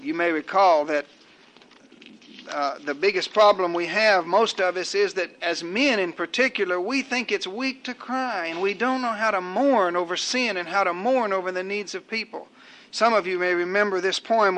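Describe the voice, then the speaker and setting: An older man delivers a sermon in a high, bright voice. He preaches in measured, rhetorical cadences, stacking up repeated phrases to drive each point home.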